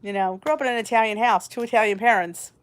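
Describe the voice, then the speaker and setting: A woman's voice: a little high, steady tone, fast. A woman in her forties hosting a casual chat, talking in a rambling, candid way. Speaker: host.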